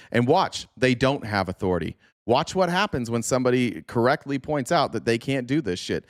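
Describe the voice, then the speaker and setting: A podcast host talks through news clips with blunt sarcasm and a lot of swearing. His voice sits at a middle pitch and is recorded close with a dry sound and no room echo. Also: big pitch swings, moderate pace, few pauses. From Arizona, USA.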